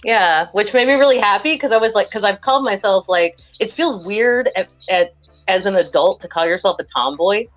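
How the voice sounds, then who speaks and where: A woman's voice: mid-range voice, lively intonation, moderate pace, fairly bright tone, muffled recording, soft background music. A woman from Western Kentucky, a guest chatting casually on a video call and rambling with many restarts.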